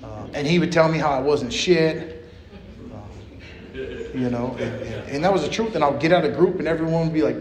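A man's voice: on the high side, fairly quick. A young man speaking at a recovery meeting, telling his story in a casual, streetwise way, full of "man" and "you know.". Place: meeting hall. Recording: echoey meeting room with faint ambience.

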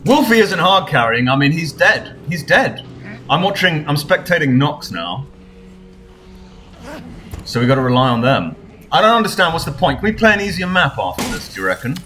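A young man giving live gameplay commentary, his high voice swinging wildly as he swears and shouts at his teammates. The tone is bright and cutting. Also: moderate pace, soft background music. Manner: excitable, swearing, yelling at teammates. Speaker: streamer.

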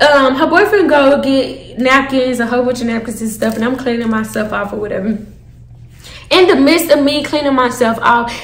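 A young woman telling a storytime to her viewers, animated and profane, calling them y'all. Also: high-pitched, reverberant. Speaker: storytime vlogger. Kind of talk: casual storytime.

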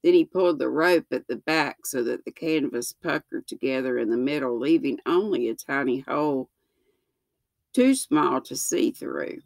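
A woman in her sixties reading a children's book aloud, slow and gentle, with small slips that she corrects. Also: extremely low pitch, expressive, creaky, dry recording. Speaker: storyteller.

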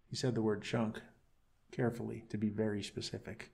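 Gravelly low-voiced male storyteller. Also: little pitch movement, a little fast, a little mellow. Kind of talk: bedtime story reading.

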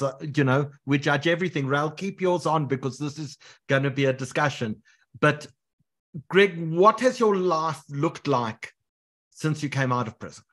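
A man's voice: fairly high pitch, fairly bright tone. A man hosting an online interview, putting questions to his guests by name. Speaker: interviewer host. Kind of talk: casual interview.

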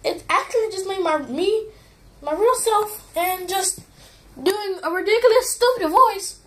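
A woman putting on a ridiculous, squeaky high version of her own voice, rambling goofily. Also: a little slow, fairly bright tone. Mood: goofy. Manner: rambling, goofy. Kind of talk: comedic voice impression.

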